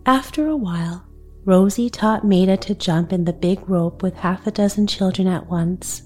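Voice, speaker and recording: A woman reading a bedtime story aloud, gentle, unhurried and soothing. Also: medium pitch, faint music behind.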